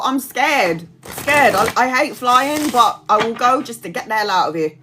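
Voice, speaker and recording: A woman's voice: on the high side, bright, forceful tone. A woman in her forties, a tarot reader chatting casually to viewers on a live stream, rambling, laughing often and reading out comments.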